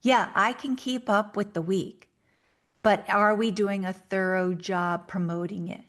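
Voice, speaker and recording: A woman hosting a solo podcast, talking earnestly and directly to listeners with coaching advice, sometimes speeding up for quick acted asides. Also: medium pitch, fairly even intonation, fairly bright tone. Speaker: podcast host.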